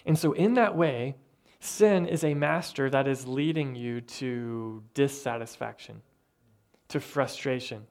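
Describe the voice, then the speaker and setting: A man preaching a sermon with earnest, conversational delivery and thoughtful pauses. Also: mid-range voice, a little mellow. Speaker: pastor.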